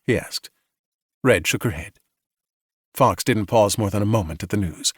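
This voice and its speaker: A man narrating a calm bedtime sci-fi audiobook with slow, soothing storytelling. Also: lowish voice, no room sound, clean studio sound.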